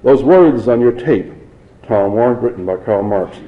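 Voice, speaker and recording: Man reading as an indignant, forceful male dean, lo-fi muffled recording. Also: medium pitch, animated, moderate pace, reverberant, natural voice.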